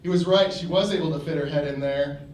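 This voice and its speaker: A male standup comic tells his jokes with a dry, deliberate delivery in a slightly high voice. He is recorded from a distance on a comedy club stage. The room is echoey, with a faint hum of ambience. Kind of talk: standup routine.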